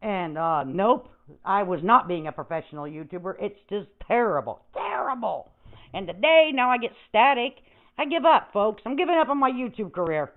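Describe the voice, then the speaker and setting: A woman's voice: medium pitch, very animated, normal speed. An older woman hosts a livestream in a brash, foul-mouthed, rambling rant. Her voice comes through thin and phone-like, with static crackling in the audio. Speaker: livestream host.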